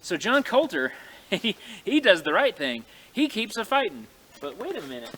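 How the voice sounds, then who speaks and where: Folksy male frontier storyteller. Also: fairly high pitch. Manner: folksy, animated, talks to the audience. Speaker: living history storyteller. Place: outdoors in snowy woods.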